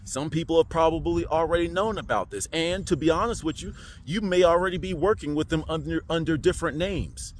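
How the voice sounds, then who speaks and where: A man giving a casual, slangy spiritual monologue into his phone, animated and preachy. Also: fairly high pitch, brisk, hardly any pauses, slight background noise. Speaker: spiritual vlogger.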